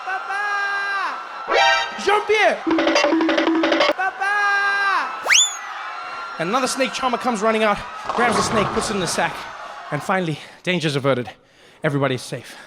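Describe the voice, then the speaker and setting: Animated comedian telling a stand-up story. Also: male voice, sits high, quick pace, loud music behind the voice, over a noisy crowd. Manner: animated, big voice swings for characters.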